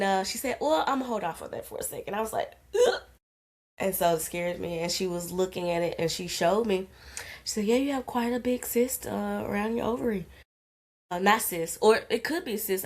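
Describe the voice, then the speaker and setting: A woman in her forties, a content creator, telling a personal story in casual, candid talk, swearing freely and calling the listener honey, recorded on a phone in her car. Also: lowish voice. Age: 40s. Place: in her car in a parking lot.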